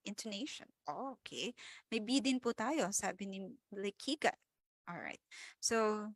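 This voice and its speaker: A young woman with a Filipino accent runs a live exam review, switching easily between English and Filipino. Her voice sits a little high and sounds dry and close to the mic. She reads out viewers' answers with polite respect before explaining each one. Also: a bit bright, no echo. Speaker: review coach.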